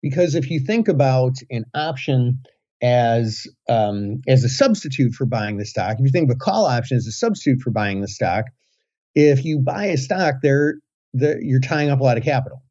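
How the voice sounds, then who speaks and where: A man co-hosting a podcast who explains ideas step by step in a measured way, with some fillers. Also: medium pitch, expressive, a little mellow, highs cut off. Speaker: podcast co-host. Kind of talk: casual explanatory chat.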